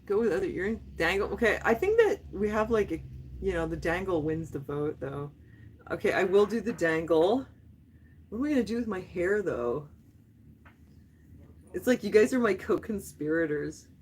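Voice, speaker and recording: A woman's voice: lowish voice, lively intonation, moderate pace, darkish tone, a little hiss or hum. A woman around fifty chatting playfully with viewers on a livestream, laughing often and dropping in French phrases. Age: 50s. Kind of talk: casual live chat.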